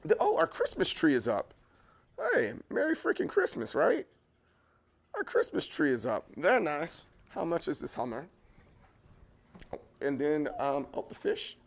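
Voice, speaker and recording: Walking around his home kitchen with a handheld camera, a man hosts a casual livestream and rambles chattily, speaking straight to his viewers. His fairly high voice swings widely in pitch at a normal speed.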